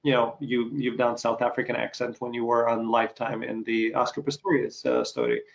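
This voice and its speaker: A man with a gravelly, creaky voice at a middle pitch hosts an interview. He rambles into his question and keeps pausing to search for words.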